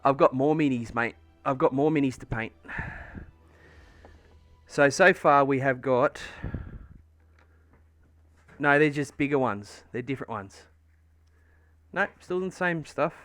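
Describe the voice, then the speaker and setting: A man's voice: mid-range voice, unhurried, pauses often, fairly bright tone, soft background music. An Australian man livestreaming from home, chatting casually and rambling through a story with plenty of swearing and fillers. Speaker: livestreamer painting miniatures. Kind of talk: casual chat while painting on stream.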